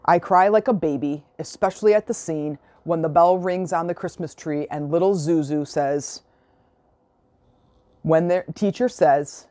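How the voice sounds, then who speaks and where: A woman's voice: sits low, a little slow, warm tone, dry recording. A woman hosting a solo podcast, retelling a film and urging listeners to be grateful, in an earnest, motivational, emotional way, close to the mic. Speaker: podcast host.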